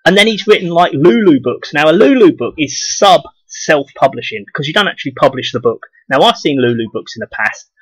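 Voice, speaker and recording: A man's voice: medium pitch, a bit bright, slightly rough, dry recording, rough recording. A man blogging to camera in a blunt, profane, scornful rant. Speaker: video blogger. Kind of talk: casual ranting monologue to camera.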